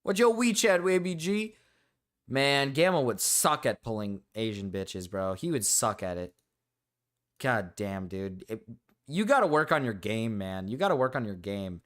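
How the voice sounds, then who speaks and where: Rambling streamer guy, lively pitch. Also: moderate pace. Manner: rambling, filler-heavy, blunt and profane. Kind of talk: casual livestream chat.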